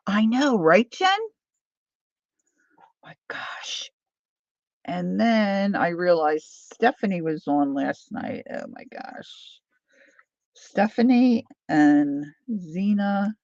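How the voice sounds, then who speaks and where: Gravelly lady rambling on a craft livestream, slow talker, kinda dull lo-fi sound. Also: lowish voice, darkish tone, no room sound. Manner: rambling, self-deprecating, chats with viewers by name. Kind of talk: chatty live crafting stream.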